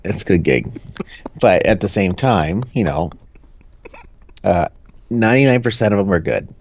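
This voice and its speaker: A man's voice: low voice, expressive, normal speed. A man telling a rambling, jokey story in casual podcast chat, full of fillers and restarts. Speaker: podcast co-host. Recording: dull, dry lo-fi sound.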